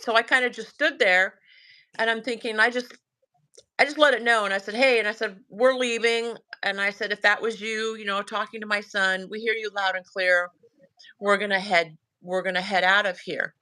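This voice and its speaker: Fairly quick and medium-pitched, a Southern US woman tells a sighting story as a guest in casual conversation. She's animated, acting out both her son's words and her own, and laughs often.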